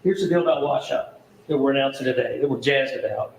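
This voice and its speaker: A man's voice: mid-range voice, quick pace, reverberant, a little hiss or hum, low-quality recording. A middle-aged man from the American South, a charity founder giving an enthusiastic, folksy welcome speech at an event. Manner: enthusiastic, folksy, rhetorical questions.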